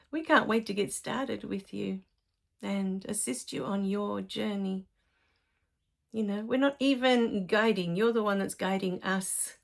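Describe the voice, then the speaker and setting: A woman's voice: medium pitch, gravelly. A middle-aged woman, a life coach talking casually to her followers in a chatty storytelling way. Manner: chatty, warm storytelling with laughs.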